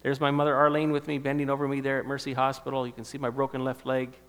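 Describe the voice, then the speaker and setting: A man in his fifties telling a personal testimony in sermon style, emotional and storytelling, dropping softer at tender moments. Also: medium pitch, monotone, fast talker, long reverb tail. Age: 50s. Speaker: speaker giving a testimony.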